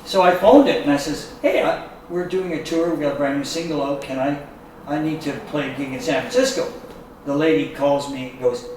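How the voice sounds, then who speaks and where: Animated storytelling man in an echoey room. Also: a little high, brisk, a little hiss or hum. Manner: animated storyteller who acts out quotes. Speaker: guest musician. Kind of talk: casual storytelling chat. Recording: echoey room picked up from a distance.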